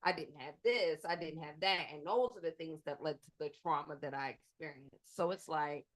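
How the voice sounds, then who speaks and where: A woman telling personal stories in a casual group chat, animated and acting out the people she quotes. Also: deep voice, normal speed. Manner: animated storyteller, acts out quoted voices.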